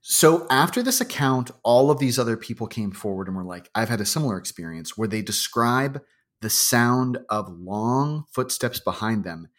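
A man's voice: lively intonation, measured pace, a bit bright. A man co-hosting a podcast, joking casually and reading spooky accounts aloud. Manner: joking, reads quotes in a low rustic voice. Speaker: podcast co-host.

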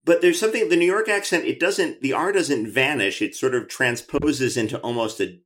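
A podcast host runs a conversational interview, chatty and enthusiastic, restarting often as he works out his questions. His mid-range voice moves at a normal speed with a fairly bright tone.

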